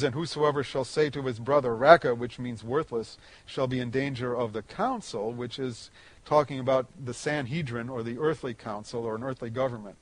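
A man delivers a sermon, walking through a Bible passage one verse at a time in a conversational style. His pitch and volume climb whenever he stresses a point.

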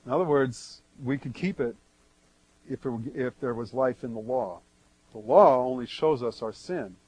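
A man preaching verse by verse, reading scripture aloud and then explaining it, with strong swings between loud and soft. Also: medium pitch, normal speed, slightly rough, no room sound, low-quality recording. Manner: emphatic swings in loudness. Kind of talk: verse-by-verse Bible teaching.

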